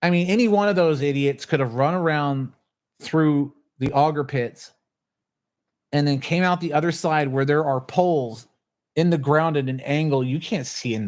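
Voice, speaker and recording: A man with a somewhat high voice ranting to his livestream viewers in a casual, heated way. He swears freely and slips into other people's lines as he retells a run-in. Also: darkish tone. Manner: agitated, swearing storyteller who acts out others' lines. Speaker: channel host.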